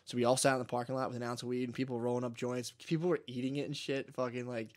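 Guy cohosting a podcast, rattles off a wild story fast, cusses a ton, laughs a lot. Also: mid-range voice, level tone. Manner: profane, laughing, rambling. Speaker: podcast co-host. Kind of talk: casual storytelling chat.

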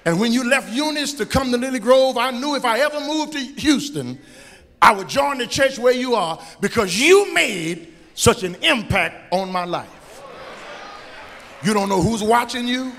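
A middle-aged man, preaching a sermon as pastor, with shouted, sing-song rises. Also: extremely high pitch, very animated, normal speed. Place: church sanctuary. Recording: echoey church with long reverb.

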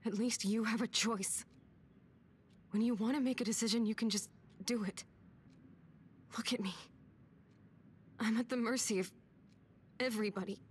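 A woman's voice: fairly high pitch, steady tone, moderate pace, long pauses, slight background noise, lightly acted. Woman voicing a weak, fading teen girl. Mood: pleading. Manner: weak, breathy, soft-spoken. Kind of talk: video game voice acting.

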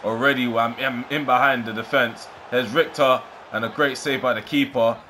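A man giving live, excitable commentary over his own video game match, swearing and reacting as he plays. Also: medium pitch, moderate pace, slight background noise. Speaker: gaming YouTuber.

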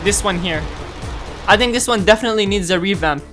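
A young man hosting a gaming channel, giving excitable gameplay commentary, exclaiming and taunting his opponents. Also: sits high, fast talker, faint music behind.

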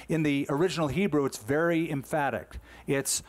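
A man's voice: a little high, normal speed, hardly any pauses. A man in his sixties, a pastor delivering a conversational, emphatic sermon full of rhetorical questions.

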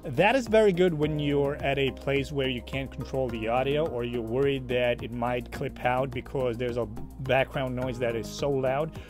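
Over music, a man of medium pitch speaks at a moderate pace with few pauses. He's a gear reviewer doing a casual mic test, matter-of-fact and sprinkling in small fillers, first outside and then indoors at a computer. His sound alternates between a phone and a shotgun mic at different distances.

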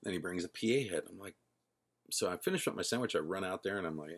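Speaking fast and animatedly, a middle-aged band founder and singer has a low-pitched, fairly bright voice. He rambles through his story in a relaxed way, fixing his own words as he goes and playing out quoted conversations.

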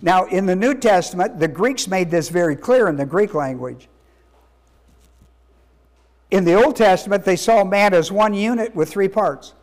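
A man's voice: high voice, expressive, moderate pace, darkish tone. A man, a pastor, teaching a sermon in an emphatic way, repeating words and putting questions to his listeners.

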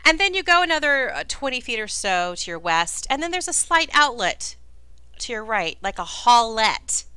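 Bright-voiced woman game master. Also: on the high side, big pitch swings, normal speed, smooth, no echo. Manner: descriptive, chatty, with fillers. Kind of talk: narrating a tabletop game.

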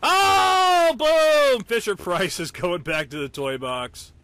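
A man giving live, joking commentary over a friend's tank battle, reacting loudly to hits and misses and teasing the player. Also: on the high side, measured pace, no room sound. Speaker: gameplay commentator.

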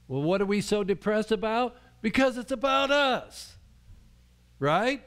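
A man's voice: high-pitched, expressive, unhurried, a bit bright, smooth. A male pastor preaching a sermon in a conversational way, often restarting his sentences and acting out the voices he quotes.

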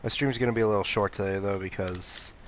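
Young male streamer, laid-back and sleepy, lowish voice with a bright edge, swears casually while playing. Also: fairly even intonation, fast talker, a little hiss or hum. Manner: laid-back, swears freely, answers chat. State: sleepy, phlegmy throat. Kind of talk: casual gaming stream chat.

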